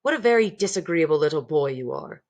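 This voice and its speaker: A woman reading aloud, voicing a kind, patient elderly grandmother who speaks gently and calmly. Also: low-pitched, quick pace, heavily acted. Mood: warm. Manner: gentle, composed.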